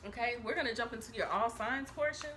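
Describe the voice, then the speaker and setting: Bright, chatty woman tarot reader. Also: on the high side, fast talker, slight background noise. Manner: chatty, profane, laughing, tags lines with "okay?". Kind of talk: casual tarot reading to camera. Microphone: camera mic.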